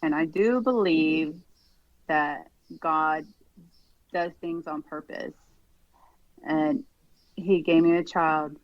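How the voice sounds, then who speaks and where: A woman guest on a podcast, talking in a relaxed, rambling way with lots of fillers. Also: sits low, slow, pauses often, no echo, muffled recording. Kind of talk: casual conversation.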